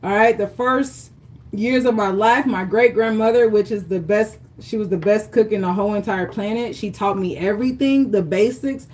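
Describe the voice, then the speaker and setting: She's a cooking show host doing a live demo in her home kitchen, her medium-pitched voice slightly mellow and moving at a moderate pace. Captured on a livestream rig, she chats encouragingly and keeps asking how viewers are doing.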